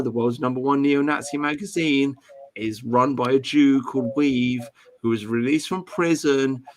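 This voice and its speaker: Emphatic English male stream host. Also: medium pitch. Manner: emphatic, ranting, with repeated restarts. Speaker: livestream host. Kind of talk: casual political chat.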